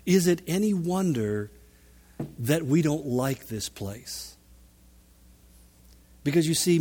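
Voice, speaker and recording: A man preaching a sermon, animated and emphatic, with dramatic shifts in volume. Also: a little high. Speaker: pastor. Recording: long reverb of a large hall.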